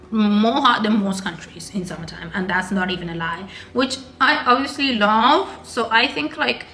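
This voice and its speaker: A woman's voice: medium pitch, pushed and bright. Chatty young woman vlogging. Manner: chatty, rambling, full of "like" fillers. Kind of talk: casual vlog chat.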